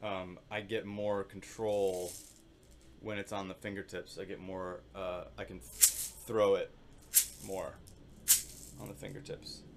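A man teaching percussion in a casual, relaxed way, thinking aloud and singing rhythms with syllables. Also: low-pitched, takes it slowly, gravelly, pauses often, music in the background. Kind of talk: casual instructional demonstration.

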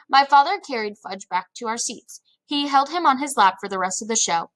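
A woman reading a children's novel aloud in first person, lively storytelling. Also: fairly high pitch, poor audio. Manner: lively storytelling, quick voice shifts for characters.

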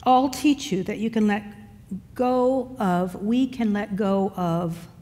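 A woman's voice: medium pitch, slow pace, warm tone. Woman minister giving a sermon, chatty storyteller, lots of reverb in a big church hall. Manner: storytelling, conversational with asides to the congregation. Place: church sanctuary. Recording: long reverb in a large hall.

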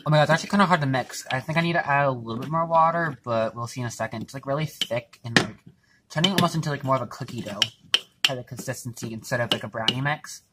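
A man's voice: mid-range voice, fast talker, heavy background noise. A young man chatting casually in his home kitchen while baking for his vlog, rambling and self-mocking, with lots of fillers and swearing. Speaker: vlogger.

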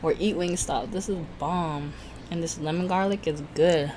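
Chatting casually through a mukbang, a woman food vlogger laughs frequently and trips over her words a bit, worried she's talking too fast. Her voice sits on the low side with a darkish tone, and the recording has a faint hiss or hum.

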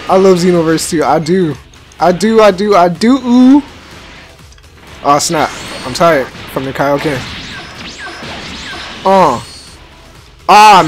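A young man giving excited, slangy let's-play commentary and talking back to the game. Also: high voice. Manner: hyped, slangy, talks back to the game, many restarts. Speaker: gaming YouTuber.

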